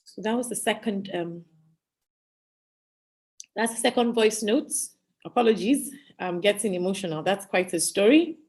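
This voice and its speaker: Woman host, chatty, steers the panel with questions, mid-pitched. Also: normal speed, pauses often, a little mellow. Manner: chatty, asks guests for opinions. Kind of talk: hosting a live online talk show.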